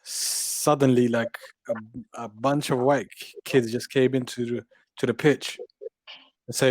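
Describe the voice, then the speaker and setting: A man's voice: medium pitch, unhurried, no room sound. A young man telling a story animatedly in casual chat. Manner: animated storytelling with many yeahs.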